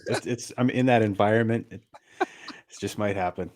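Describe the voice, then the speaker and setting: A man's voice: fairly low pitch, fairly quick, darkish tone. A man from Massachusetts co-hosting on a remote call, easygoing and laughing often. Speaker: co-host. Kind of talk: casual chat on a video call.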